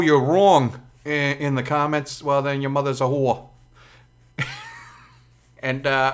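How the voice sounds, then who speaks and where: A man's voice: a little high, fairly bright tone. A man with a Brooklyn accent, talking casually as a channel host, rambling with lots of fillers and crude swearing. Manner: crude, profane, chatty with many fillers.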